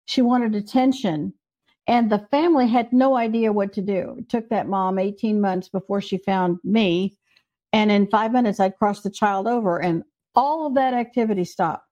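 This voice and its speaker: A woman's voice: medium pitch, moderate pace, warm tone, highs cut off. An older woman, a psychic medium guest, telling stories in an interview in an earnest, emphatic way. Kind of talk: storytelling in an interview.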